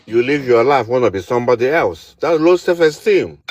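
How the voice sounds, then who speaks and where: A man's voice: medium pitch, animated, brisk, no echo. A man arguing in an accusatory, insistent way as a livestream guest. His voice comes through dry and dull, like lo-fi call audio with no room sound. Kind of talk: heated argument.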